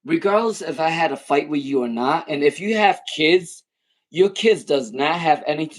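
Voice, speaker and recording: Man, 30s, fairly high voice, animated casual storyteller who repeats points for emphasis. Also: normal speed. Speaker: tarot channel host.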